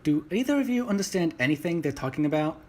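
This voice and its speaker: A man's voice: a little high, very animated, fast talker, a little mellow, a little hiss or hum, pitched above the performer's own voice. A man voicing a polite, earnest male soldier hero in his own plain voice.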